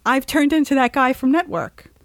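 A woman's voice: high-pitched, moderate pace, dry recording. Agitated, sarcastic woman podcast host. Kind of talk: ranting monologue, call-in chat.

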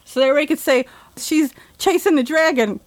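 High-voiced sarcastic woman hosting a talk show. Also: dry recording. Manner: sarcastic, joking, quick asides. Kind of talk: casual comedic chat.

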